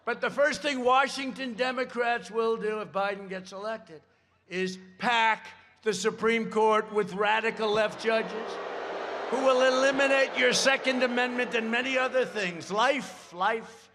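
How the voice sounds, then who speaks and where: A man giving a campaign rally speech at a podium microphone, rambling with sarcastic asides and shouted emphasis. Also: very high-pitched, steady tone, a little slow.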